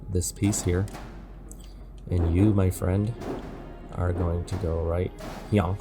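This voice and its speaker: A man with a low voice narrates a game tutorial at an unhurried pace. He keeps it playful and chatty and talks to the parts as he places them. Background music plays steadily under his voice-over. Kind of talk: casual gameplay tutorial voice-over.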